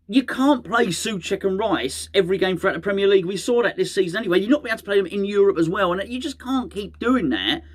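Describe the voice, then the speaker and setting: A middle-aged man, hosting a fan channel in rambling, chatty solo talk that often corrects itself mid-sentence. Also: high voice. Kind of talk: casual solo fan chat to camera.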